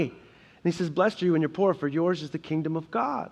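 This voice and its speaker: A young adult man preaching from a church sanctuary. His voice sits a touch high. He swings from hushed, deliberate emphasis to loud, urgent appeals. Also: creaky. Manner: earnest preaching that builds from quiet emphasis to loud, urgent passages. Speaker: pastor. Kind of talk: sermon.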